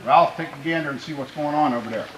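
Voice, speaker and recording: A man coaching his high school football team before a game, his voice pitched a little above the usual for a man. He talks to the players in an earnest, plainspoken way, with faint noise in the background. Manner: earnest, plainspoken exhortation, pausing to restart phrases; grows louder and more fervent when speaking of country. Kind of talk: pregame locker-room speech to players.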